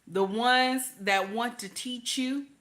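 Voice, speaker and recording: A woman's voice: a little high, takes it slowly, a bit bright. A middle-aged woman hosting a reaction video, talking emphatically and directly to her viewers in a preachy, casual way.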